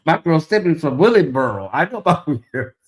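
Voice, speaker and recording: A man's voice: fairly high pitch, very animated, fairly quick. A man hosting a casual late-night livestream in a chatty, drawling way, reading viewer comments aloud and talking to the audience as "y'all". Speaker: livestream host.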